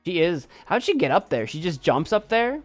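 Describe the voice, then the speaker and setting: A man hosting a stream in casual, joking commentary, laughing as he goes. His pitch swings widely and stays animated. Faint music runs underneath him. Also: moderate pace. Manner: playful, jokey, laughs often. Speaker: streamer host. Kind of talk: casual commentary on viewer photos.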